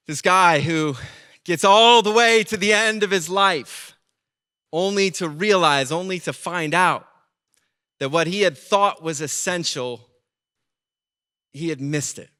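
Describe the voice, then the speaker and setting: A man preaching a sermon as pastor, telling stories with lively acted-out voices. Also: sits high, smooth. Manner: animated storytelling, acting out quoted voices.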